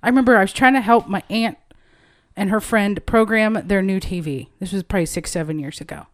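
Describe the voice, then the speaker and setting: A woman's voice: mid-range voice, a little fast. A woman in her late thirties co-hosting a casual podcast, chatty, swearing freely as she tells stories. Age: late 30s. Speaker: podcast co-host.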